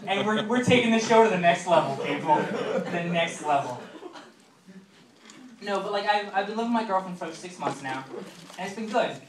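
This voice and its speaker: A young man in his twenties doing a stand-up set, talking fast and loose, with lots of fillers and asides to the crowd. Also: high-pitched, lively intonation. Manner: chatty, filler-heavy delivery with quick asides to the crowd. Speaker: stand-up comedian. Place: comedy club stage. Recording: roomy club sound, mic far, noisy.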